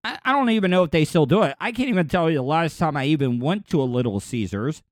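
A man's voice: a little high, lively intonation, quick pace, no room sound, clean studio sound. A man, chatting casually as a podcast host, rambling, repeating words and laughing easily. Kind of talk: casual chat.

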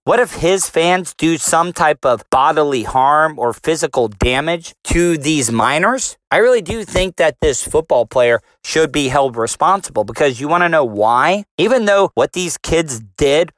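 A man's voice: fairly high pitch, expressive, a little slow, few pauses, a bit bright, dry recording. A man, formerly in radio, delivering a combative, profane rant full of rhetorical questions. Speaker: commentator, former radio host. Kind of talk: ranting commentary.

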